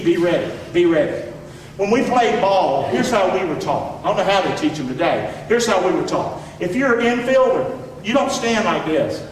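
High-voiced preacher in an echoey hall. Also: male voice, distant mic, a little hiss or hum. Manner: emphatic, calls for congregation response. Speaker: pastor. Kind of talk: sermon.

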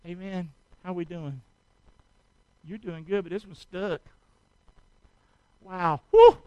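High-voiced preacher exhorting his congregation. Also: slow pace, warm tone, smooth, dry recording, low-quality recording. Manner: exhorting, calls for congregation response; out of breath from effort. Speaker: pastor. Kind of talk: sermon with a live demonstration. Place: church.

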